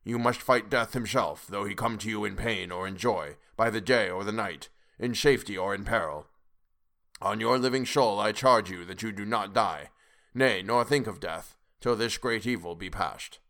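Old male professor, solemn, fatherly, deliberate, lowish voice, as a male reader puts him on. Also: sharp tone. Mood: solemn urging.

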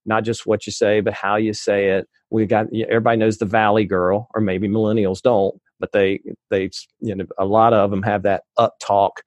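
A man chatting as a podcast guest in a rambling way, with many restarts and quick laughs. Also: fairly low pitch, flat delivery, no room sound. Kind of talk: casual conversation.

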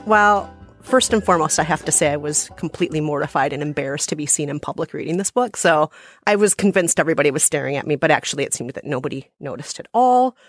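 A woman co-hosts a podcast in an animated, self-mocking way. Her voice sits a little low. The sound is dry and close on a studio mic. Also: fast talker, dry recording, faint music behind. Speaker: podcast co-host. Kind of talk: casual chat.

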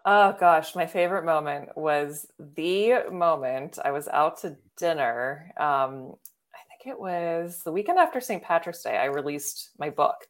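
A woman's voice: low-pitched, animated, a little slow. A woman guest on a podcast, an author, animatedly telling a personal story and laughing often. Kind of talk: casual chat, storytelling.

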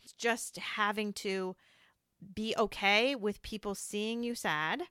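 A woman's voice: medium pitch, fairly even intonation, slow, sharp tone, clean tone, dry recording, studio quality. A woman hosting a casual, heartfelt conversation, speaking earnestly and reassuringly about grief.

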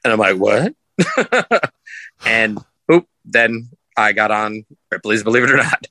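A man's voice: lowish voice, takes it slowly, no echo, low-quality recording. A man, a sideshow performer, telling rambling stories as a podcast guest and acting out what people said. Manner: rambling, animated, acts out quotes in raised voice. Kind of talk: casual storytelling.

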